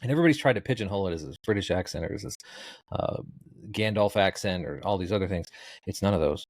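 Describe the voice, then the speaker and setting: The podcast guest here is a middle-aged social media comedian in casual interview chat, spinning rambling anecdotes with dry, relaxed jokes. He talks at a quick pace in a low voice with lively intonation, and there's no room sound.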